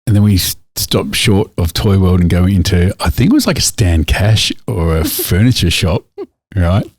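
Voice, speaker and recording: A middle-aged man with a very deep voice, chatting casually as a podcast co-host. He rambles through stories and laughs often, and the recording is dry and close. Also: lively intonation, moderate pace, darkish tone, dry recording. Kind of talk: casual nostalgic chat.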